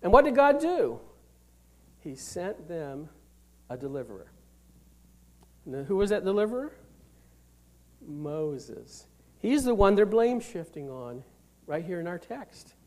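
Guy preaching a sermon, pretty high voice, reads the verses slow then explains, gets real loud then drops to a whisper. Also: big pitch swings. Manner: expository preaching, reads scripture slowly and explains plainly; dynamic delivery, swings between loud emphasis and hushed near-whispers. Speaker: pastor.

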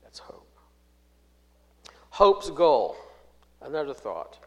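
A man preaching a sermon, reading scripture aloud and explaining it, with big swings in loudness and slowing down on key phrases. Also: a little high, very animated.

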